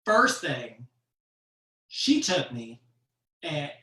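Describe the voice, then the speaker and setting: A comedian tells stories at an unhurried, drawn-out pace, in a bright, forward voice, and laughs often at the stories. The voice sits back from the mic in a roomy, echoing space, like a home setup for an online show. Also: medium pitch, distant mic. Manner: slow, animated storytelling with frequent laughs. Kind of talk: stand-up storytelling on a virtual show. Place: room at home for a virtual show. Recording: echoey room, off-mic.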